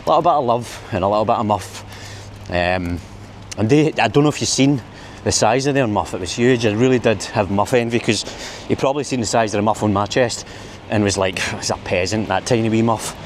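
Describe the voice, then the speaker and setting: A man's voice: lowish voice, fairly quick, slight background noise. Chatty Glaswegian man on a rainy street. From Scotland. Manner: chatty, rambling, laughs at own jokes. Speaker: vlogger. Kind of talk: casual walking vlog. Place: city streets at night in the rain.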